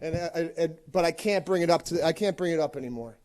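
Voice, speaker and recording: Fired up teacher guy with a sharp wry edge, high voice, public meeting speech. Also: fast talker, no echo. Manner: fiery, confrontational, wry humor. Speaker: teacher speaking at public comment.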